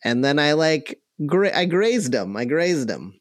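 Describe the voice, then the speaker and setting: A man's voice: a little high, sing-song, a little slow, dry recording, studio quality. A man co-hosting a podcast, playful and joking, chatting casually. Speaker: podcast co-host. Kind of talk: casual chat.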